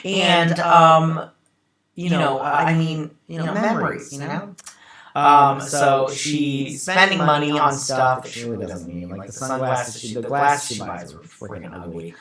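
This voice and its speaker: A man's voice: medium pitch, measured pace, sharp tone, reverberant. A man hosting a casual episode recap, rambling with lots of fillers and restarts. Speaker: show host.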